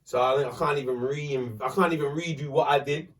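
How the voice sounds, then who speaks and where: A man tells a story on a podcast. His voice sits fairly high for a man and he swears freely. The mic is set back from him. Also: fairly even intonation, fairly quick, distant mic. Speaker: podcast host. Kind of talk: casual storytelling.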